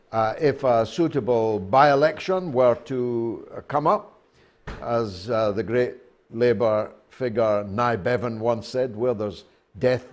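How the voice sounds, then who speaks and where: A male talk show host who speaks slowly and deliberately. His delivery is wry, filled with pauses and hesitations, and his pitch is mid-range. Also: a little mellow. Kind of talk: talk show monologue and interview.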